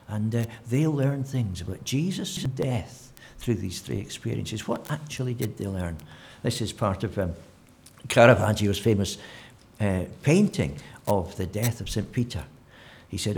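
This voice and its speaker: A man preaching a sermon, telling the story with animated delivery and acting out quotes in different voices. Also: medium pitch, moderate pace, vocal fry.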